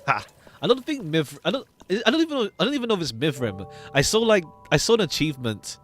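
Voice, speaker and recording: A man's voice: fairly high pitch, big pitch swings, fast, fairly bright tone. A man streaming a game, chatting casually and rambling with stammering restarts over background music.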